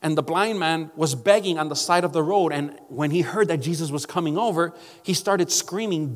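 A man's voice: fairly high pitch, moderate pace, few pauses, in a large hall. A male pastor preaching a sermon emphatically, calling out to his congregation.

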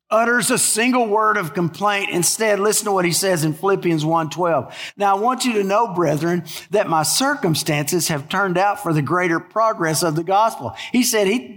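A man's voice: high-pitched, moderate pace, few pauses, fairly bright tone, in a large hall. A man preaching a sermon as pastor, telling stories in a conversational way and stretching words for emphasis.

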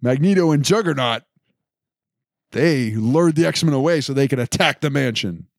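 A man's voice: mid-range voice, animated, normal speed, no echo, studio quality. A man co-hosting a casual chat, steadily recapping events with occasional fillers. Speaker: podcast co-host.

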